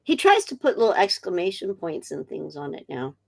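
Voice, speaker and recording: A middle-aged woman, a guest in a casual interview, telling a story chattily with animated quotes. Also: on the low side, a little fast, creaky. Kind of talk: casual video-call interview.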